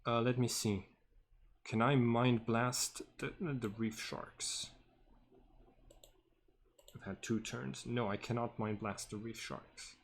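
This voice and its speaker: A man running a tabletop game as game master, talking haltingly with many fillers and humming to himself. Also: medium pitch, little pitch movement, vocal fry. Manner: halting, full of fillers, hums while working.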